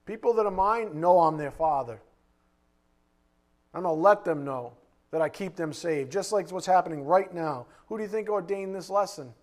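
A man preaching a sermon, firing blunt rhetorical questions and swinging between loud emphasis and quiet asides. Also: high voice, moderate pace.

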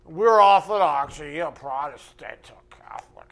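A man putting on the voice of a smug, self-righteous churchgoing man in a loud, drawn-out, mocking delivery. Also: on the high side, expressive.

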